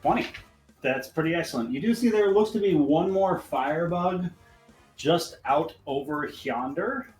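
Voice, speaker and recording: A man's voice: a little high, moderate pace, darkish tone, reverberant, faint music behind, low-quality recording. A man running a tabletop game as game master, narrating scenes with vivid description.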